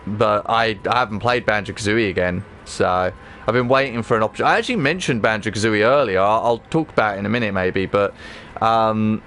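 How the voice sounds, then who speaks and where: A man streaming himself playing a game, chatting casually to viewers with rambling, excitable talk and frequent swearing. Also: fairly low pitch, a little hiss or hum. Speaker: livestreamer. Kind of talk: casual gameplay livestream chat.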